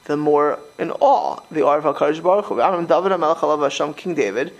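Fast-talking animated rabbi. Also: male voice, on the high side, highs cut off. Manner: rapid, animated, with many restarts and repeated words. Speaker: rabbi giving a Torah class. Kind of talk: informal sermon to a group.

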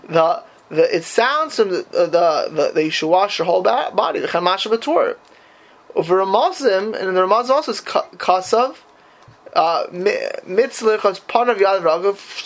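A man teaches an informal Talmud class with a high, lively voice. He asks his questions with a rising lilt and mixes Hebrew and Yiddish terms into his English. Faint noise sits under the recording. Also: rough recording.

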